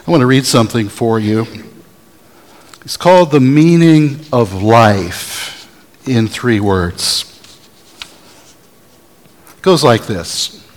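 A man preaching a sermon as a pastor, telling stories in a deliberate way and having the congregation answer back. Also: medium pitch, long reverb tail, low-quality recording. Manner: deliberate, storytelling preacher who has the audience answer back.

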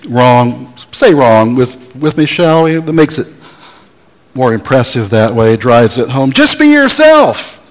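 A man preaching a sermon as a pastor, telling stories in a deliberate way and having the congregation answer back. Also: medium pitch, sing-song, long reverb tail, poor audio. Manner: deliberate, storytelling preacher who has the audience answer back.

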